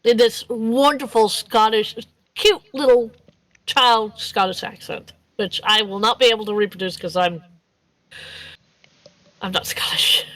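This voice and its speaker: Woman game master, kinda high voice, chatty and giggly, trips over words, dry close mic. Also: fairly even intonation, measured pace, long pauses, a bit bright, no echo, low-quality recording. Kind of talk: casual tabletop game narration.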